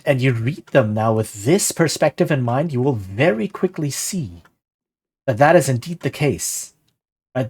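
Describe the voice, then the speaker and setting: A man's voice: mid-range voice, breathy edge. A man streaming live, talking casually and animatedly about running tabletop games, often asking "right?" and answering chat. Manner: animated, rhetorical, frequent "right?"; reads chat aloud and replies. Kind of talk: casual livestream talk on game design.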